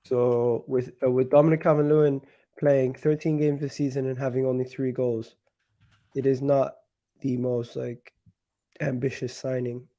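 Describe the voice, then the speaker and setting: A man hosting a casual football talk show, sounding sick and nasal, talking haltingly with many restarts. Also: medium pitch, little pitch movement, dark tone. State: sick, nasal and deeper than usual. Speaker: football channel host.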